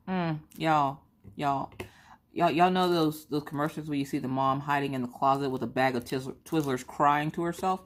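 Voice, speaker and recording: Brief: low-pitched middle-aged woman, chatty vlog rambler, animated storyteller. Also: normal speed. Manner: chatty, animated, acts out quotes of herself and her kids. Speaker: vlogger.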